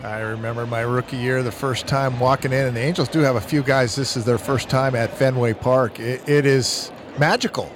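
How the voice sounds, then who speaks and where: A man's voice: mid-range voice, steady tone, moderate pace, hardly any pauses. Former ballplayer guy doing color on the radio, easygoing storytelling, faint noise. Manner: conversational, anecdotal. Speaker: color analyst, former player. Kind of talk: radio baseball commentary.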